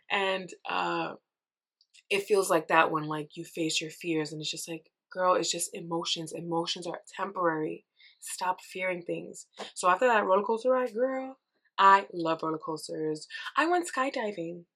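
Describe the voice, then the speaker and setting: A young woman hosting a casual solo podcast, chatty and animated, telling stories and acting out her own reactions, with lots of "girl" and "like.". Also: on the low side, moderate pace. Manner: says "girl" and "like" often. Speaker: podcast host.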